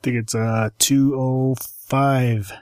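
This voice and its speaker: Male co-host, short replies, laughs along, mid pitch, dry close sound. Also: flat delivery, slow pace, a little mellow, dry recording. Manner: brief reactions, laughs along. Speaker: podcast co-host. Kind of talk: casual chat.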